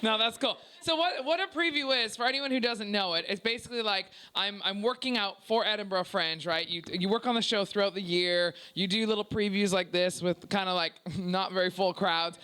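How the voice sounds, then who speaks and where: A brash young woman with a Canadian accent doing stand-up in a small club. Her voice is bright and punchy, and she delivers crude jokes loudly while ribbing the audience. The set sounds loose and unpolished, like a work-in-progress preview. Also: medium pitch, brisk, few pauses, smooth. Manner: loud, brash and profane, teasing the crowd. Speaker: stand-up comedian. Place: small comedy club before a live audience.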